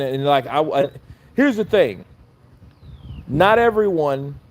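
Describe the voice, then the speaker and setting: A man's voice: mid-range voice, darkish tone, a little hiss or hum. A man telling a personal story in a casual, profane, rambling rant, full of restarts and quoted back-and-forth dialogue. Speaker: commentator.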